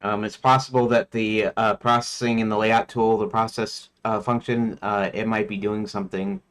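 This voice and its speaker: A man's voice: lowish voice, little pitch movement, normal speed, a bit bright. Rambling man thinking aloud on stream. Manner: rambling, talks to himself as he works. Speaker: indie game developer livestreaming.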